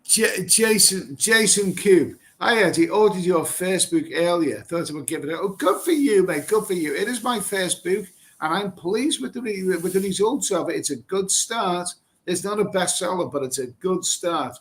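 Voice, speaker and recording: A man's voice: high voice, lively intonation, moderate pace, few pauses, a bit bright. Blunt, rambling Englishman hosting a livestream. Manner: blunt, rambling, swears casually, repeats himself. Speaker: livestream host reading viewer comments. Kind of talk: casual live chat, reacting to comments. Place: Thailand.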